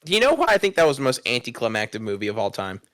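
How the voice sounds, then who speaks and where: A young man co-hosting a podcast, excitable and profane in casual banter, quick to laugh. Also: mid-range voice, no echo. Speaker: podcast co-host.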